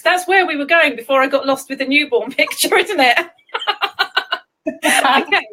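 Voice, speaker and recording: A high-pitched woman from England hosts a relaxed livestream chat. Her voice is bright and she giggles her way through a loose, scattered conversation. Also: normal speed, long pauses. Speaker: livestream host. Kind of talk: casual live chat. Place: home livestream.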